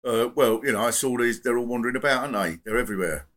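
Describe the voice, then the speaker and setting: A man's voice: mid-range voice, racing, fairly bright tone, close to an everyday voice. A man improvising a rambling, muddled, grumbling male phone-in caller with bigoted views. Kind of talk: improvised comic role-play.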